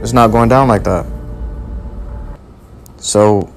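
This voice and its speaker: A man preaching a sermon, reading scripture aloud and driving points home in forceful, repetitive, slangy talk. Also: on the low side, fairly even intonation, slow pace, faint music behind.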